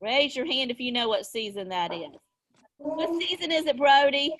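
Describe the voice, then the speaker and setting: A middle-aged woman teaching young children over a video call, slow and sing-song, encouraging them with little gasps of delight. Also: sits high, animated, fairly bright tone, slight background noise. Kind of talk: online class lesson for young children.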